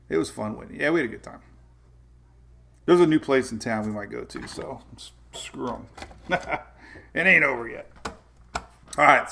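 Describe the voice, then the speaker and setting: A man with a somewhat high, gravelly voice hosts a weather show in a loose, casual chat. He tells stories with lots of energy, stumbling over words and restarting sentences as he goes. The talk stays informal and unscripted. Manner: animated storytelling, frequent laughs and restarts.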